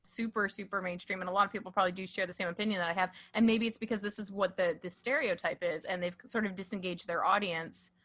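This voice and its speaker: A woman's voice: medium pitch, steady tone, fast, hardly any pauses, pushed and bright. A woman guest on a podcast in casual chat, blunt and dramatic with self-mocking humor.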